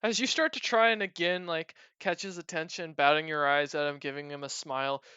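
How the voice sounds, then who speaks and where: A man runs a tabletop game as game master and narrates in a relaxed way, often pausing on fillers. His voice is smooth and clear. It is recorded dry on a slightly dull mic. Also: a little high, no room sound.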